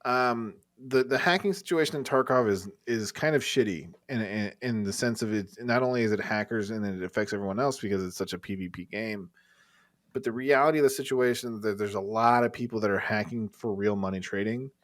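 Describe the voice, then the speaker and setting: A man's voice: fairly low pitch, brisk, no room sound, clean studio sound. A man co-hosting a casual gaming podcast in an average mid-range voice. He rambles, restarts and swears freely as he works through his points. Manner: rambling, profane, candid. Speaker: podcast co-host. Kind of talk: casual chat.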